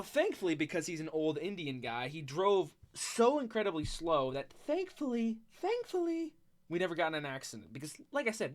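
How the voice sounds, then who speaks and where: A storyteller telling a story in a rambling, swearing way, full of restarts and sudden loud bursts. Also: mid-range voice.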